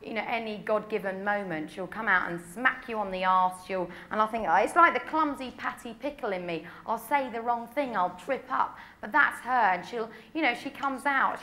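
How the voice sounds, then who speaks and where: A young English woman fields reporters' questions, talking candidly with lots of "you know" and filler. Her voice is bright and sits a little high. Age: 20s. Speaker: pop singer at a press conference. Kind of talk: press conference answers.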